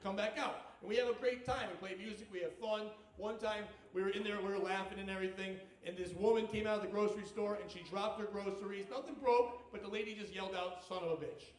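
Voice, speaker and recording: A man doing a stand-up comedy set on a club stage, telling stories with animated, profane delivery. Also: sits high, fast, hardly any pauses. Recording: echoey club, distant mic, audience laughter.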